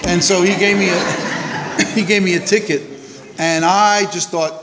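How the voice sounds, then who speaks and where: A man sharing at a recovery meeting, telling a self-mocking, animated story that rises loud and high at the funny parts. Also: normal speed, vocal fry, in a large hall, noisy background. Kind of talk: storytelling share.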